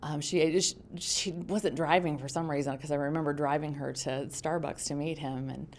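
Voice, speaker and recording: Brief: middle-aged woman, low gravelly voice, halting and reflective testimony, faint hiss behind. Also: fairly even intonation. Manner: halting, reflective, many ums and restarts. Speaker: mother sharing a testimonial. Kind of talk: personal testimonial.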